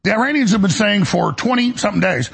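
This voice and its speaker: A man hosting a talk show gives an angry political monologue in ranting style, restarting with stammers. His raspy, gravelly voice is high-pitched and expressive, he talks fast, and the tone is fairly bright.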